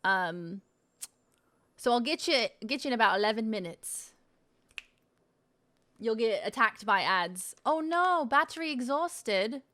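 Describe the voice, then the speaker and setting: Casual woman streamer, mid-pitched, playful banter with frequent swearing. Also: unhurried, pauses often, pushed and bright. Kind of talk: casual live-stream chat.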